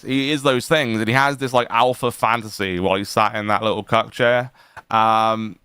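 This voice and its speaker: A man's voice: medium pitch, sharp tone, smooth, no room sound, clean studio sound. A man giving profane, mocking reaction commentary to a stream, laughing often and padding his talk with fillers.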